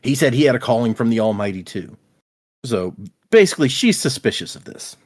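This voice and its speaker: A man's voice: medium pitch, brisk. Guy on a book podcast recapping chapters, voice jumps all over, chatty. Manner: animated retelling, paraphrasing characters in quotes. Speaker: podcast co-host. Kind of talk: casual book discussion podcast.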